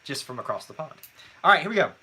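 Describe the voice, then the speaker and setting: Lively teasing male trivia host. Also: fairly high pitch, a little hiss or hum. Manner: teasing, brisk quizmaster reading scores. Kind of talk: casual live-stream trivia chat.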